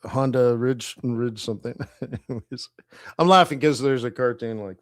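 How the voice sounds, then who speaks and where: In studio-quality audio with no echo, a man in a mid-range voice speaks at normal speed while hosting a forex trading livestream. The commentary is casual, rambling and conversational, punctuated by frequent chuckles.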